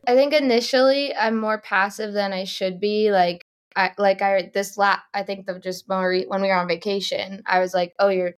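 A woman's voice: mid-range voice, fairly even intonation, normal speed, clear, resonant tone. A woman in a couples therapy session who speaks hesitantly, with many restarts, as she explains her feelings. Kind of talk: casual chat.

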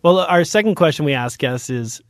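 A man from Philadelphia hosting a radio interview, chatty and quick to laugh. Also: fairly high pitch, expressive, dry recording, clean studio sound. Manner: chatty, laughs often, restarts questions. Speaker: radio show host.

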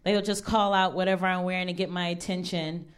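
A woman's voice: on the low side, steady tone, fast talker, clean tone. Laid-back woman doing stand-up. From Ohio, US. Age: 30s. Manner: laid-back, wry, with many fillers. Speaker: stand-up comedian. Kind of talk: stand-up comedy set. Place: stage before a live audience.

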